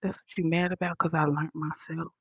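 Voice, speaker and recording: Lady ranting into her headphone mic, low-key and flat, cussing a lot, dull lo-fi sound. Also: fairly quick, breathy edge, no echo. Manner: blunt, profane, soft-spoken. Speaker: vlogger. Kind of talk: casual rant to viewers. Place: high-rise condo.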